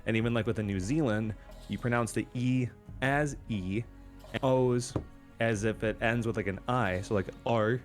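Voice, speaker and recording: A man's voice: medium pitch, moderate pace, soft background music. A man co-hosting a casual podcast, explaining hesitantly with many fillers. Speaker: podcast co-host. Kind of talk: casual chat.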